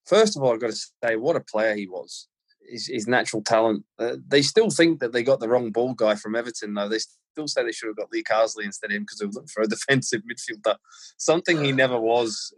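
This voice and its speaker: An Australian man, a former footballer, telling animated anecdotes as a guest in a casual interview, often laughing. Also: mid-range voice.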